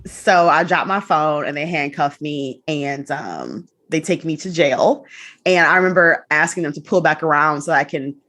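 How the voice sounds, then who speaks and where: A young adult woman telling a personal story in a casual, animated way, acting out the quotes. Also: deep voice, moderate pace. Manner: animated, acts out quotes with laughs and swearing. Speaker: guest.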